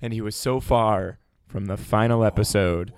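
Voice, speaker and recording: A man's voice: on the low side, normal speed, darkish tone, clear, resonant tone. Playful male podcast co-host. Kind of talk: joking comedy podcast banter.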